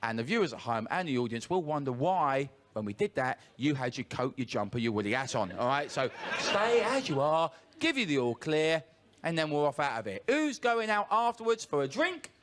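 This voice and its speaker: A man warming up a TV studio audience with cheeky, teasing jokes. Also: fairly high pitch, a little fast. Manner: cheeky, joking, lively and teasing. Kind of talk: audience warm-up patter. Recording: noisy studio crowd. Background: studio audience laughing and cheering.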